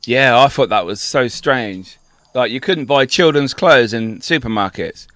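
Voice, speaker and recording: A man's voice: mid-range voice, animated, a little slow, a bit bright, dry recording. A man co-hosting a podcast, asking friendly questions and laughing often in casual chat. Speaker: podcast co-host.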